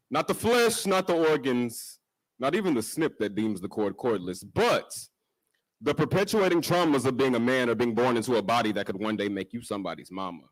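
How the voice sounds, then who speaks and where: A man's voice: mid-range voice, dry recording, poor audio. A man performing his first spoken-word poem at a live open mic, nervous and self-joking between lines, rhythmic and swelling as he reads. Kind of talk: spoken word poetry reading. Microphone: stage microphone.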